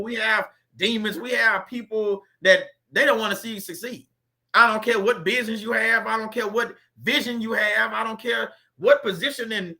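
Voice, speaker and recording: Man, high and piercing tone, emphatic faith-based preacher. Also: bright, forceful tone. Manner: emphatic, repetitive, with rhetorical questions. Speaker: faith-based video host. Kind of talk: preachy motivational monologue.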